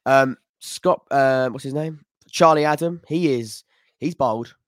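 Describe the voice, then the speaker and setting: A man's voice: medium pitch, measured pace, no room sound. A man co-hosting a casual podcast, chatty, laughing easily and repeating himself. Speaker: podcast co-host.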